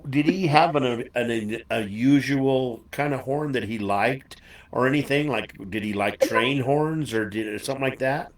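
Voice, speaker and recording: A man's voice: mid-range voice, moderate pace, reverberant, recorded from a distance. A man hosting a casual chat interview, folksy and chatty, laughing easily. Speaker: show host.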